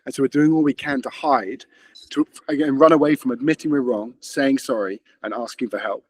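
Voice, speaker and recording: Fast-talking husky man, earnest guest. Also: mid-range voice, dry recording. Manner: earnest, rapid, frequent restarts. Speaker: interview guest, author. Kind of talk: conversational interview.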